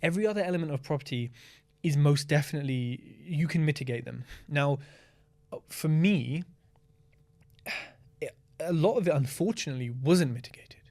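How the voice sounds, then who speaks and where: A man talks in a casual interview with a voice pitched a bit high. He is blunt and candid, swears without hesitation, and acts out the scenes he describes in lively asides. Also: normal speed, pauses often. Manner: animated storytelling with acted-out asides. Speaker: podcast guest, property investor.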